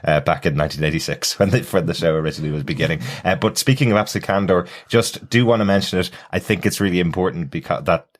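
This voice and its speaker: Deep-voiced man chatting on a podcast. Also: fast talker, hardly any pauses. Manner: chatty, laughs often, quotes scenes in funny voices. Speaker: podcast co-host. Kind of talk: casual chat.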